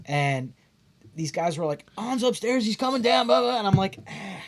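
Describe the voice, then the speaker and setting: A man's voice: high-pitched, expressive, moderate pace. A middle-aged man co-hosting a casual beer podcast, telling stories in a wry, teasing way. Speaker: podcast co-host. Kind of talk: casual chat.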